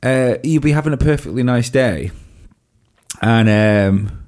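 A man's voice: medium pitch, a little slow. A man co-hosting a podcast, joking and rambling in casual chat. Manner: joking, rambling with restarts, lively delivery.

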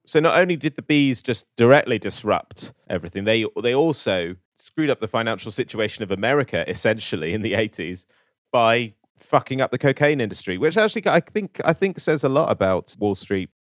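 A man's voice: mid-range voice, lively intonation, a little fast, no room sound, clean studio sound. A man co-hosting a comedic podcast chat, asking rambling, incredulous questions and laughing often.

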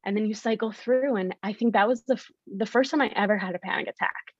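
Animated young woman telling her story. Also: medium pitch, fast talker, husky, no room sound, highs cut off. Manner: animated, acts out her past self in quotes. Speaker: podcast guest. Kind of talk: candid storytelling in a conversation.

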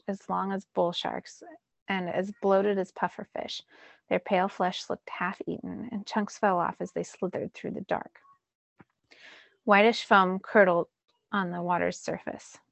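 Teacher reading a novel aloud, gravelly, dry close sound. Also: female voice, lowish voice, no echo. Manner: first-person narration with lively emphasis.

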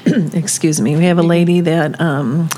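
A woman who volunteers with a ministry, telling a story in a halting way, with many fillers and restarts. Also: low voice, fairly even intonation, mellow, slight background noise. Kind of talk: casual storytelling chat.

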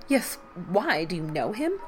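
A woman's voice: lowish voice, big pitch swings, measured pace, a little mellow, faint music behind. A woman reading a fussing, gossipy brother. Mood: gossiping. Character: man, the narrator's concerned brother.

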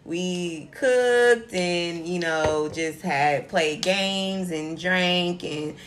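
A woman's voice: lowish voice, drawn-out words, noisy background. A woman co-hosting a podcast, telling a story in laid-back, slangy, profane casual chat. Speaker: podcast co-host.

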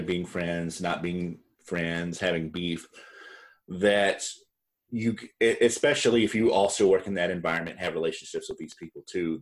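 A man co-hosting a podcast, recapping a reality show in casual chat, rambling and correcting himself as he goes, laughing often. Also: deep voice. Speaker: podcast co-host.

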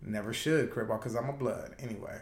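A man co-hosting a podcast in casual banter, swearing freely, laughing often and telling stories with animated quoted voices. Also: on the low side, a little fast. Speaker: podcast co-host. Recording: echoey room.

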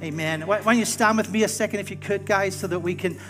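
A man's voice: high voice, fast talker, fairly bright tone, faint music behind. A man pastor closing a sermon and praying in a casual, conversational way, often stumbling and restarting words.

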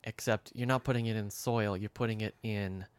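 Farmer guy on a podcast, lowish voice, keen to explain, bit halting. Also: steady tone, smooth, no room sound. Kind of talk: casual podcast chat.

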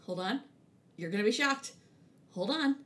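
Playful, animated woman podcast co-host. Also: mid-range voice, normal speed, slight background noise. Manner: giggly, playful, wordplay-loving. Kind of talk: casual chat.

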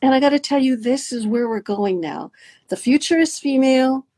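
Animated husky woman coaching listeners. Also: normal speed, no room sound. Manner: animated, swoops pitch up and down to demonstrate. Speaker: dating and mindfulness coach. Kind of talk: guided coaching talk.

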